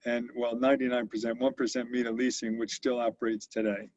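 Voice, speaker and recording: A man's voice: medium pitch, little pitch movement, fairly quick, darkish tone, dry recording, muffled recording. An older man who founded a company tells stories as a guest in an interview and acts out the quotes with animation. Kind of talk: storytelling interview.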